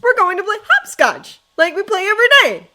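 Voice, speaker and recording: A woman's voice: extremely high pitch, very animated, brisk, pushed and bright, pitched above the performer's own voice, exaggerated voice. A woman reading a fan story, voicing a young male winter spirit who speaks in an urgent, coaxing and nervous way.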